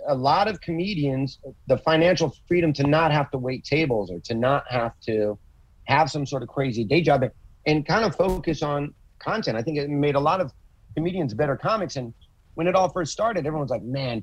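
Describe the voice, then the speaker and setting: A man chatting on a podcast, telling stories with swearing and lively acted-out quotes. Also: fairly high pitch, fairly quick, no echo, dull audio. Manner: profane, animated storytelling with acted quotes. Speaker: comedian guest. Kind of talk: casual podcast chat.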